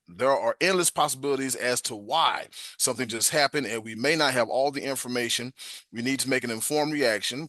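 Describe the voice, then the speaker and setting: Forceful bright-voiced male podcast host. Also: mid-range voice, no echo, clean studio sound. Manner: stumbles over the reading, then animated and emphatic. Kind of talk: reading a self-help text aloud, then casual venting talk.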